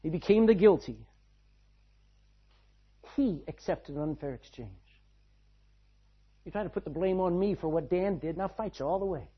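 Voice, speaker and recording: Male preacher, husky and a little high-pitched, dramatic loud-soft delivery; muffled lo-fi recording. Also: animated, normal speed, pauses often. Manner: dramatic swings between loud and hushed. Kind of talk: sermon. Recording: dull lo-fi sound.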